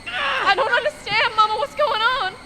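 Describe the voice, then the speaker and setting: A woman's voice: extremely high pitch, moderate pace, long reverb tail. An actress voicing a frightened young girl who pleads and cries out to her parents in a horror game. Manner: pleading, crying out. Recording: game audio with loud noise.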